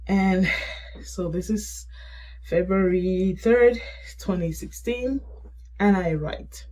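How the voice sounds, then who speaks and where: A middle-aged woman telling her grief story in a halting, emotional way and reading an old message aloud. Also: mid-range voice, fairly even intonation, poor audio. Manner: halting, emotional, soft-spoken. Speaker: grief support vlogger.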